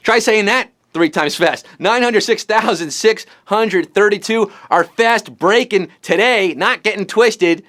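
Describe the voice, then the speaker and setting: A man's voice: sits high, a bit bright. A man hosting a live trivia show, firing off puns and jokes between the questions. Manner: punny, jokey, fast-talking quizmaster. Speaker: quiz show host.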